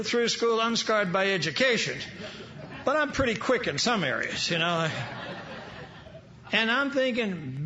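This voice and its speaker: An older man from New York, voice high-pitched, bright and forceful, tells stories at a recovery meeting with humorous, wry asides. He's speaking to an audience in a large event hall. The live recording is dull and lo-fi.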